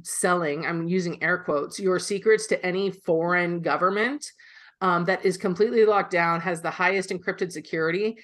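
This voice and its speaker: A woman with a fairly low voice talks at a normal pace as a podcast co-host. She chats casually about politics, blunt, profane and full of opinions.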